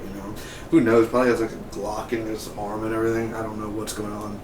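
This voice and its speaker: A man's voice: lowish voice, little pitch movement, fast, background noise. A man giving a casual, rambling spoken review of a TV episode, constantly dropping "man" and "dude" into his sentences. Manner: rambling and laid-back, peppers talk with "man" and "dude". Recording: roomy echo, mic some distance away.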